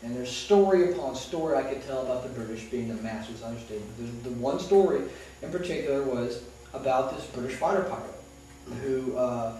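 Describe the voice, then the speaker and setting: A man's voice: medium pitch, fairly quick, mellow. A man voice actor telling stories in a casual interview chat, rambling with restarts. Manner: rambling storyteller with many restarts. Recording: echoey room, distant mic.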